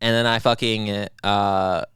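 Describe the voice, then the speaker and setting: A man's voice: fairly low pitch, slow, clear, resonant tone, no echo, studio quality. A young man co-hosting a podcast, telling crude stories in casual banter and acting out his own lines. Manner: crude, animated storytelling with acted-out self-quotes. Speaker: podcast co-host.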